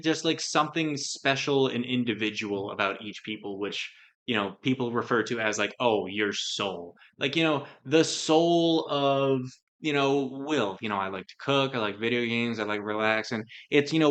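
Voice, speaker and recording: A man's voice: mid-range voice, a bit bright. Podcast co-host, male, loose and rambling, lots of filler words, chatty discussion. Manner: rambling, heavy with "like" and "you know".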